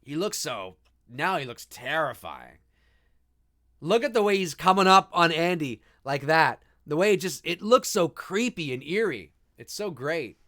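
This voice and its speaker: A man hosting a live movie commentary, talking in an animated, enthusiastic and rambling way. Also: a little high, a little slow. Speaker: host.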